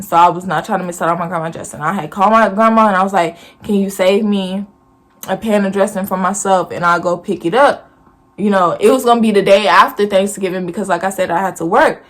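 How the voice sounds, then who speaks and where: A woman recounts a family story straight to camera. Her delivery is blunt, profane and animated, the talk of a casual storytime vlog. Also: mid-range voice. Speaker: vlogger.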